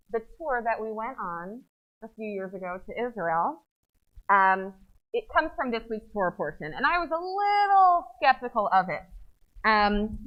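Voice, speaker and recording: A woman's voice: fairly high pitch, muffled recording. Chatty woman giving a playful sermon. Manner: chatty, playful, self-interrupting. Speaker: rabbi leading services. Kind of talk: sermon talk to a congregation. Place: synagogue sanctuary.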